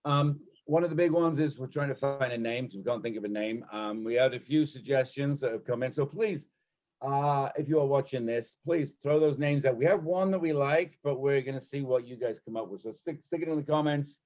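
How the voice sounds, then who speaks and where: A British man trading jokey banter as a podcast co-host. His mid-pitched voice comes through a slightly muffled, lo-fi call line. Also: a little mellow. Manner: joking, quick-witted teasing. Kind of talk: casual banter.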